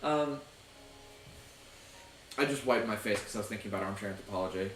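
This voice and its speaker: A young man hosting a casual stream chat, explaining at length in a halting way, with many fillers and restarts. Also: fairly low pitch, fairly bright tone, roomy sound, recorded from a distance, slight background noise, rough recording. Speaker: host.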